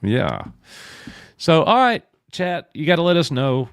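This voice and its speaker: A man hosting a casual livestream chat, lively and quick to jump in with enthusiasm. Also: lowish voice, dry recording, studio quality. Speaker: podcast host.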